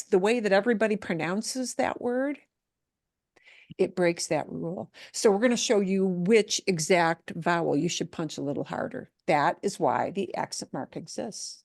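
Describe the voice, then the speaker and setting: Lady teaching spanish pronunciation, slow and playful, dry mic. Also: fairly low pitch, a little mellow, no room sound. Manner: playful, drawn-out repeated words. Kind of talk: pronunciation lesson.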